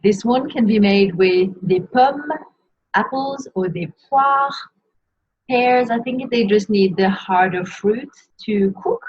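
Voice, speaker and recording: A woman teaching how to pronounce pastry names in a slow, careful lesson, saying each word and repeating it. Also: on the high side. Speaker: French teacher. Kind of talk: pronunciation lesson. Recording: dull lo-fi sound.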